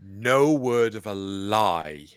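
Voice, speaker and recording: A man co-hosting a casual podcast chat, telling stories with lively energy and acting out quotes. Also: on the low side, extremely slow, smooth, no echo, studio quality. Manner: animated storyteller, acts out quotes. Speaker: podcast co-host.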